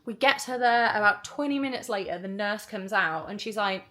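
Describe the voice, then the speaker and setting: A woman's voice: mid-range voice, moderate pace. A woman telling a story to camera in a chatty vlog, full of "like" and acted-out dialogue. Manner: chatty, animated, lots of "like" and quoted dialogue. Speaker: vlogger.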